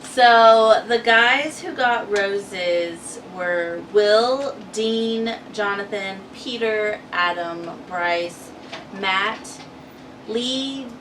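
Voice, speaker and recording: A woman with a medium-pitched, fairly bright voice co-hosts a casual TV recap channel, chatty and giggly, acting out quotes as she tells the story. The mic is distant and the background noisy.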